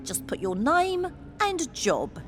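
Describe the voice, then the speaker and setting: An actress voicing a polite, businesslike elf receptionist in a cartoon, speaking slowly with a lively voice. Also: female voice, high-pitched, music in the background, full character voice.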